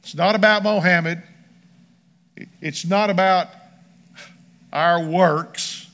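A man's voice: high-pitched, slow pace, a bit bright. A man preaching a sermon as pastor, emphatic and rhythmic, reading scripture aloud. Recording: long church hall reverb.

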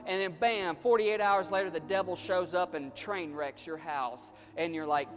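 A man's voice: fairly high pitch, normal speed, hardly any pauses. A male pastor preaching a sermon in an emphatic, repetitive style. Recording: long reverb, faint music.

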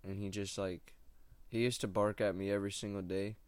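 A man's voice: fairly low pitch, level tone, a little fast, clear, resonant tone, no room sound. A young man rambling casually at home in a laid-back, meandering, slangy way. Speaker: stand-up comic doing open mics.

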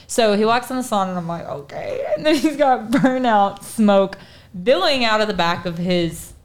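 A woman's voice: medium pitch, expressive, moderate pace. A young woman co-hosting a casual podcast, telling stories animatedly, acting out quoted dialogue and laughing often. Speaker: podcast co-host. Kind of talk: casual storytelling chat.

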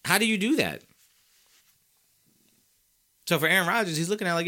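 A man's voice: fairly low pitch, animated, a little fast, long pauses, bright, forceful tone. A man hosting a sports talk show, ranting and fired up, hammering his points with emphatic repetition. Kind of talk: opinionated sports commentary.

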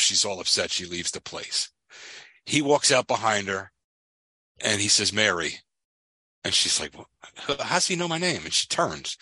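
A podcast co-host with a Philadelphia accent recaps scenes with earnest, animated energy. His voice is bright and forceful. The sound is dry and close to the mic. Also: low-pitched, breathy edge, dry recording, low-quality recording. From Philadelphia area. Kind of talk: casual chat.

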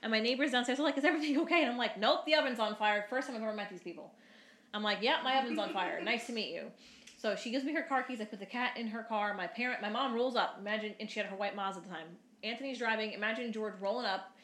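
A woman's voice: a little high, fast talker, fairly bright tone. A woman in her twenties telling a story in casual chat, rambling with lots of fillers and the odd swear word. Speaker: podcast co-host. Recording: roomy echo.

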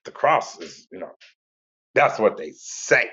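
A man's voice: lowish voice, very animated, slow pace, a bit bright. A man hosting a talk radio show, rambling in a laid-back, repetitive way. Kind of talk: casual monologue. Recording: lo-fi internet radio audio.

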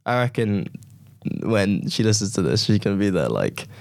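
A man's voice: on the low side, sing-song, moderate pace, gravelly, a little mellow. A man, co-hosting a podcast in casual chat and telling self-deprecating stories. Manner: rambling storyteller, self-deprecating, acts out his own reactions. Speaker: podcast co-host.

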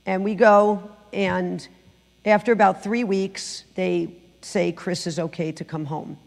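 A middle-aged woman sharing her personal testimony in church, telling the story with lively acted-out quotes. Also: on the low side, slow, creaky, in a large hall. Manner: animated storytelling, acting out quotes. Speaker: guest speaker giving testimony. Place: church sanctuary.

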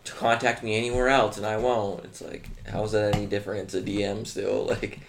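A man co-hosting a casual podcast, teasing the others with quick banter. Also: lowish voice, flat delivery, vocal fry, noisy background. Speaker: podcast co-host. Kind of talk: casual chat.

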